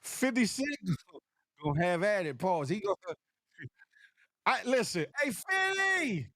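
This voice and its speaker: Man, high voice, dry close sound, animated morning-show host, teasing trash talk. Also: takes it slowly, no echo. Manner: animated, swings between high teasing calls and low serious asides; playful trash talk with laughs and repeated "huh?". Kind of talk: casual commentary monologue.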